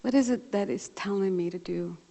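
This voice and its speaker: A woman minister with a brisk, creaky, mid-range voice relates a personal story during her sermon, acting out both ends of a phone call with animation. Her storytelling is warm. The sanctuary livestream has a long, lingering reverb.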